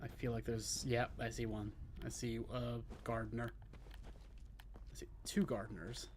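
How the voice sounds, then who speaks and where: A man's voice: medium pitch, little pitch movement, normal speed, slight background noise. A man casually commentating while playing a video game, chatty and self-deprecating, with casual swearing. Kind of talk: casual let's play commentary.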